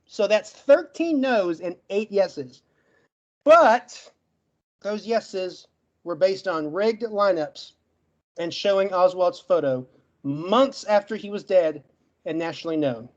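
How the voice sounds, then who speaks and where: He sits high in pitch with lively intonation and a slightly mellow quality, though the recording loses its highs. Making his closing argument on a podcast debate, the guest stutters on words while rapidly listing his points.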